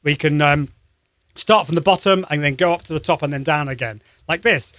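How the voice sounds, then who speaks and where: A man hosting a live-streamed lesson, coaching voice warm-ups in an upbeat, encouraging way with many restarts. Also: a little high, brisk, dry recording. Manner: upbeat and encouraging, demonstrates sounds; conversational with frequent restarts.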